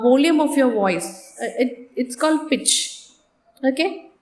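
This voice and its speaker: Woman teacher, high voice, deliberate lecture style, echoey room sound. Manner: slow, deliberate explanations with repeated examples and checking questions. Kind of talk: classroom lecture.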